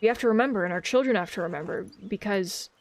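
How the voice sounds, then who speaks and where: A woman reading the lines of a grieving elderly father and widower in a game, in a slow, sorrowful storytelling manner. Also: medium pitch, slight background noise, close to an everyday voice. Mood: earnest.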